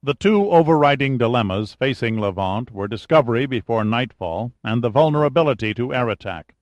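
Steady male audiobook narrator, dry sound. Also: mid-range voice, a little fast, dry recording.

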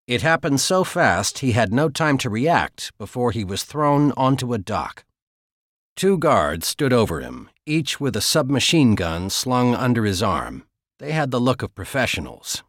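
A man narrating a thriller audiobook in a steady, measured storytelling voice. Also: mid-range voice, no room sound, clean studio sound. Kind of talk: scripted narration.

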